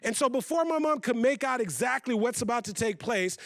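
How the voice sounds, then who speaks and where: A man on stage tells a story to an audience, building energy with repeated phrases. His voice is high for a man and the sound is dry and close on a stage mic. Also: fairly quick, few pauses, no echo. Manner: animated storyteller, repeats for emphasis. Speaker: keynote speaker. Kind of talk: storytelling keynote talk. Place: event stage.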